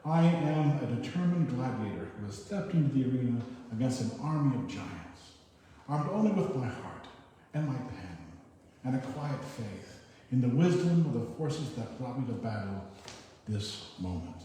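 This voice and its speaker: A man's voice: mid-range voice, very animated, moderate pace, mellow. Man, poetry reading, short intros before each poem, long hall reverb, faint background hiss. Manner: introduces each poem briefly, then recites it. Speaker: poetry reader. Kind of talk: reading poems aloud to an audience. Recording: echoey hall picked up from far off.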